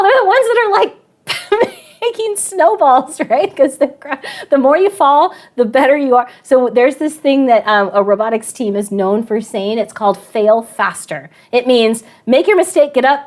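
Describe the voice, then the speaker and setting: Brief: high-pitched woman teacher, chatty storyteller who laughs often. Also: lively intonation, moderate pace. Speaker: math and science teacher. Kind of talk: storytelling to students in an online class.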